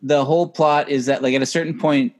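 A man co-hosting a casual film podcast, retelling scenes in an animated way and acting out the lines. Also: fairly high pitch, brisk. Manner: animated storyteller who acts out lines. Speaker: podcast co-host. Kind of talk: casual chat about a film.

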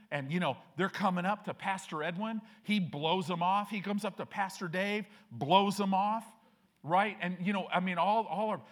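A man's voice: sits high, a bit bright. A middle-aged man preaching a sermon to his church as pastor, acting out people in the stories he tells.

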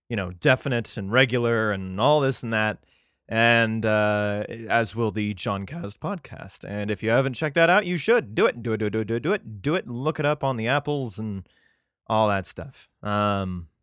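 A man hosts his podcast alone and reads old scripture in a loose, casual way. He keeps stopping to crack profane jokes and asides, with plenty of "uh" and "um." His voice sits at an ordinary middle pitch and sounds dry and close to the mic. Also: a bit bright, dry recording. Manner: profane, jokey asides, many fillers. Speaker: podcast host. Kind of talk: casual irreverent Bible reading and commentary.

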